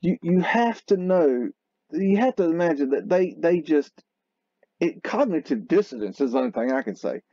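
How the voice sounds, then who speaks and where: Excitable man rambling over photos. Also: fairly high pitch, moderate pace, no echo, highs cut off. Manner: excitable, exclaiming and swearing. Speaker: video host.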